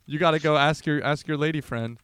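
American man joking around, smooth dry voice. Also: on the high side, a little fast, fairly bright tone, no echo. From United States. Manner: joking, stammering restarts. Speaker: podcast co-host. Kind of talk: casual comedic chat.

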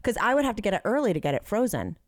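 A woman co-hosting a podcast in casual chat, telling an animated story and acting out the people in it. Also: medium pitch, racing, no room sound, studio quality. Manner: animated storyteller who acts out quoted people. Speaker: podcast co-host.

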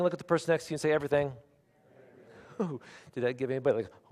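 A pastor in his forties preaching a sermon, shifting from hushed, intimate asides to loud, emphatic declarations. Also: fairly high pitch, very fast, pauses often, in a large hall. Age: 40s. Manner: animated preaching, swinging from quiet asides to loud emphatic lines.

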